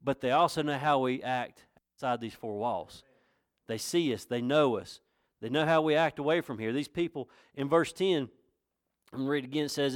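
A man's voice: fairly high pitch, animated, normal speed, smooth, no room sound, clean studio sound. A man pastor from North Carolina with a Southern accent, preaching a sermon in a folksy, conversational way that rises to emphatic questions. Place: church.

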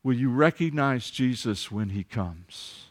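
A man's voice: mid-range voice, lively intonation, unhurried. A man preaching a sermon as pastor, earnest and emphatic, asking his listeners rhetorical questions and repeating words as he speaks off the cuff.

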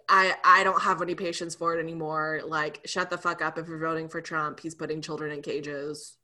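Bright-voiced young woman, candid and chatty. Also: on the low side. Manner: candid, laughing, trails off with fillers. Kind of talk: casual podcast chat.

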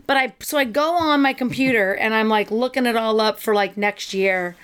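A woman's voice: a little high, normal speed, few pauses, fairly bright tone, clear, resonant tone. Chatty enthusiastic woman. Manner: rambling, enthusiastic, with fillers. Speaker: co-host. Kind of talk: casual chat.

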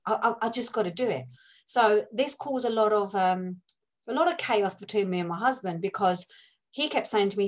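Une femme à l'accent de l'Essex, invitée d'un podcast, raconte son parcours avec franchise et imite des voix au fil du récit. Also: female voice, medium pitch, expressive, moderate pace, rough recording. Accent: Essex English. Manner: candid storytelling, acts out voices. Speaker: podcast guest. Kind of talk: casual conversation.

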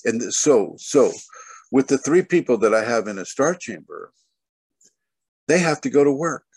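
A man's voice: mid-range voice, animated, a little slow, darkish tone, husky, no room sound. A man giving a spiritual teaching over a video call, rambling and filling his talk with "you know" and "okay". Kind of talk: spoken online teaching.

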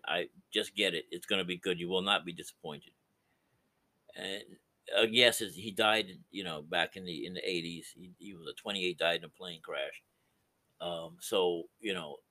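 Middle-aged male podcast preacher, low and forceful, impassioned, loud-to-hushed swings. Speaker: podcast host and Christian counselor. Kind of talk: preaching-style podcast talk.

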